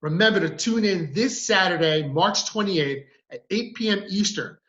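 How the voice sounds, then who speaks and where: Upbeat host on dull lo-fi audio. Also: male voice, high voice, moderate pace, fairly bright tone. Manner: upbeat, promotional, friendly. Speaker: show host. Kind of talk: casual online show hosting. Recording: dull lo-fi video-call audio.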